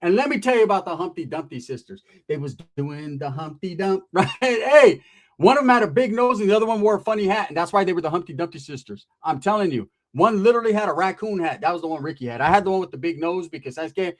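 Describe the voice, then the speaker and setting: Give me a man telling a raunchy comedic story in slang, with a high, very lively voice. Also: fast. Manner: profane, slangy and animated, acting out quoted voices.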